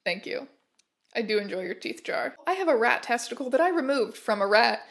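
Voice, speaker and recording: Woman host with a slightly high voice reading fan posts, with a dry, sarcastic delivery. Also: animated, a little fast, gravelly. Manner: dry, sarcastic asides between read-out posts. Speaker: host reading viewer submissions. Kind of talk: casual commentary reading submissions.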